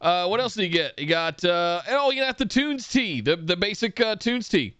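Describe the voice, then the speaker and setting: Casting: easygoing male host, smooth clear voice, very lively delivery. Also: high-pitched, moderate pace, no echo. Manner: easygoing, laughs often. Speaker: podcast host. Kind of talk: casual chat, reading listener messages.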